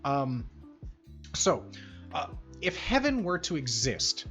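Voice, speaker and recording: A young man with a fairly high voice talks loosely and excitably, piling up filler words as he chats with a guest. Faint music plays softly under his voice. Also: slow pace. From Chicago. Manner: rambling, filler-heavy, excitable. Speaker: stream host interviewing a guest. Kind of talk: casual chat.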